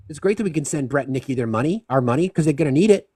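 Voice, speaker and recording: A man hosting a live discussion stream, speaking with impassioned, rapid-fire rhetorical questions. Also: a little high, lively intonation, warm tone, breathy edge, no room sound, clean studio sound. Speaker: livestream host.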